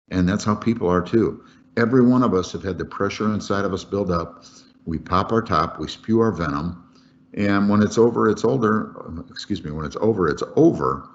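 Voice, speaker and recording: A man teaching a webinar on workplace safety in a folksy, conversational way, repeating key points for emphasis. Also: fairly low pitch. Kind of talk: webinar lecture. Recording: dull lo-fi webinar audio.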